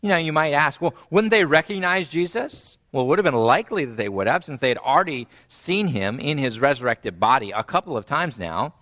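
A man preaching a sermon, animated and storytelling, acting out quoted voices and softly repeating key phrases for emphasis. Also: brisk, hardly any pauses. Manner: animated, acts out quoted voices with big pitch jumps. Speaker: pastor.

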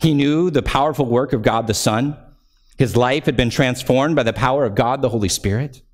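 A male pastor preaching a sermon earnestly, rising to fervent emphasis when reading scripture and slowing to a low close at the end of phrases. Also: darkish tone.

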